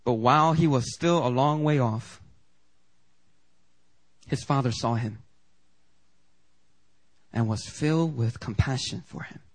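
A man's voice: mid-range voice, slow, long pauses. A man preaching a sermon in a casual, conversational way, acting out the quoted lines with big jumps in voice. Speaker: pastor.

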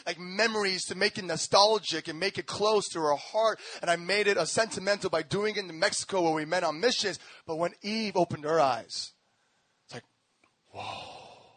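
A young man preaching a lively sermon, telling stories, acting out voices and laughing often, with a repetitive, rhythmic emphasis. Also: sits high, no room sound.

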